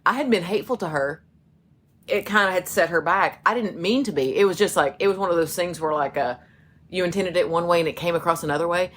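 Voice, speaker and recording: Low-voiced chatty woman. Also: fast talker, a bit bright. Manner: chatty storyteller, acts out quoted friends. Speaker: podcast co-host. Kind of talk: casual chat.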